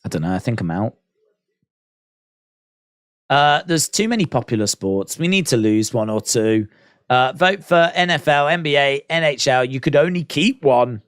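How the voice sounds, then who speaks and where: A man's voice: mid-range voice, lively intonation, normal speed, fairly bright tone, no room sound, studio quality. A British man hosting a casual live stream, musing aloud, reading out viewer comments and poking fun at himself. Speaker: livestream watch-along host.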